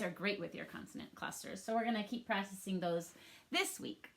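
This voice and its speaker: A woman's voice: medium pitch, fairly quick, creaky. A young woman teaching a recorded phonics lesson to young children at home, upbeat and patient, talking straight to the kids.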